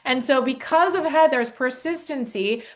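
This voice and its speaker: A woman in her forties giving an animated, earnest testimonial, talking straight to the audience. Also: high-pitched, moderate pace. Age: 40s. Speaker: network marketing speaker. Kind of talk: storytelling testimonial on stage.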